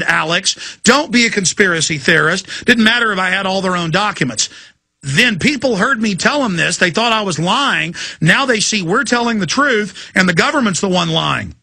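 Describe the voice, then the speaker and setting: Gravelly, ranting talk radio host man. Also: sits high, animated, a little fast, sharp tone. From Texas. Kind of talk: fiery talk radio monologue. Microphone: studio mic.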